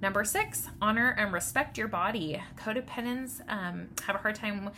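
A woman in her thirties talking through self-help advice in a loose, conversational way, often checking in with "right?" and filling pauses with "um" and "like". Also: mid-range voice, bright, forceful tone, a little hiss or hum. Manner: conversational, tags points with "right?"; loose, with many fillers. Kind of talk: casual advice talk.

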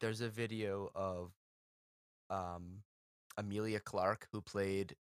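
Lower-voiced rambling man. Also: fairly even intonation, slow pace, a crowd in the background. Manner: rambling, many fillers. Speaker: podcast co-host. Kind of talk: casual chat.

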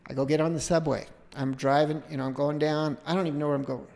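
A middle-aged man shares an anecdote as a podcast guest, his voice gravelly and a little high. He rambles and interrupts himself, animated as he tells it. A long hall reverb hangs on every phrase. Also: quick pace. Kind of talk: casual storytelling.

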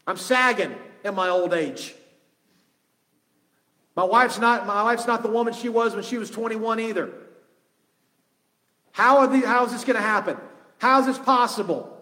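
A man's voice: sits high, moderate pace, pauses often, bright, forceful tone. A man preaching, voicing an old male priest who answers with sarcastic disbelief. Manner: sarcastic, incredulous. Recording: long reverb of a large hall.

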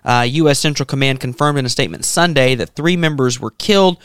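A man hosting a talk show, reading news items in a measured way. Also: medium pitch, a bit bright, smooth, no echo, studio quality. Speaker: host.

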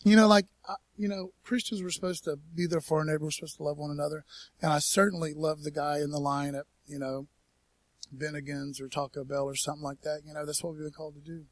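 A man's voice: a little high, steady tone, fast talker, no room sound. A man preaching a casual, conversational sermon in church, folksy, with lots of "man" and "you know". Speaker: pastor.

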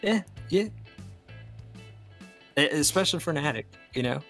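A man chatting on a casual podcast, his voice bright and forward. He rambles through fillers and restarts, teasing his co-host, with faint music under the talk. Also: on the high side, animated, moderate pace.

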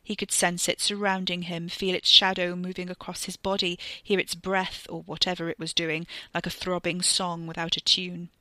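A woman reading a serialized story aloud with expressive, tense narration. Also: fairly low pitch, moderate pace, hardly any pauses, dry recording. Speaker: reader.

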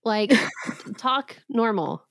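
A woman's voice: medium pitch, lively intonation, drawn-out words, creaky, a bit bright, dry recording, clean studio sound. A woman in her thirties hosting a podcast, retelling a legend with sarcastic comic asides and frequent laughs. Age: 30s. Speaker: podcast host.

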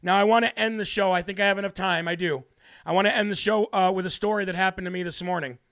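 A man's voice: sits high, steady tone, fast, a bit bright. A man hosting a political talk show, speaking brashly and preachily, then telling a story from his morning. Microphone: studio mic.

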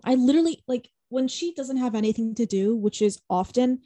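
Animated young woman telling a story. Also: sits high, fairly quick, no echo. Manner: animated storytelling, swears, heavy use of "like". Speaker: podcast co-host. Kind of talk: casual chat.

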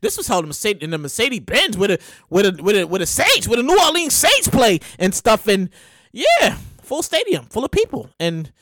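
A woman's voice: medium pitch, huge pitch swings, fairly quick, fairly bright tone, no echo. A woman hosting a podcast, talking casually and animatedly, cursing freely and acting out scenes with big exaggerated outbursts. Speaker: podcast host. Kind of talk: casual commentary monologue.

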